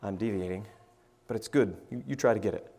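A man preaching an informal sermon, stammering over restarts and swinging from loud to hushed. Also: lowish voice, brisk, vocal fry, in a large hall. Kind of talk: conversational sermon.

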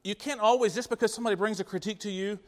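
A man's voice: sits high, fairly even intonation, racing, long reverb tail. A man preaching an interactive sermon in a church, asking the congregation questions in an earnest manner. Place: church sanctuary.

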